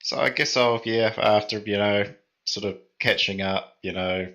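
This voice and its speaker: A man's voice: lowish voice, steady tone, moderate pace, bright, forceful tone, rough recording. A man playing a tabletop game, talking hesitantly with many fillers. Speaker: player. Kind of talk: casual game chat.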